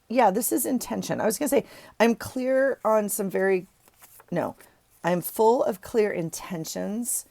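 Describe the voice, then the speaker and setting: A woman's voice: mid-range voice, gravelly, darkish tone, no echo. A woman vlogger chatting casually and rambling as she sorts through journaling supplies at her desk. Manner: rambling, chatty, self-correcting. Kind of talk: casual chat while tidying a desk.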